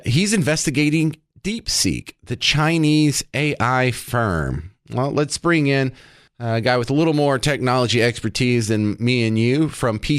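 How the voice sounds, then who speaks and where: A man's voice: mid-range voice, fairly bright tone, no room sound. A man hosting talk radio commentary from a studio, sarcastic and argumentative.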